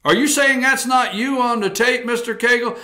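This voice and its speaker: A man's voice: extremely high pitch, moderate pace, pushed and bright, voice pushed up, full character voice. A man playing a male news reporter who asks a politician for comment in a matter-of-fact way. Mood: questioning.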